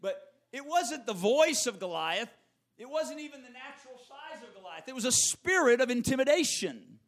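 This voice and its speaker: Animated preaching man, lively pitch. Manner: animated preaching, repeats key phrases, quick asides to the congregation. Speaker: pastor. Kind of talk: sermon.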